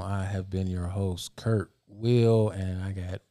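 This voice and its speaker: Low-voiced laid-back man hosting a podcast. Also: flat delivery, slow, few pauses, warm tone, dry recording, clean studio sound. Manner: laid-back, profane, blunt. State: tired, low energy. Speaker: podcast host. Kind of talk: casual group podcast chat.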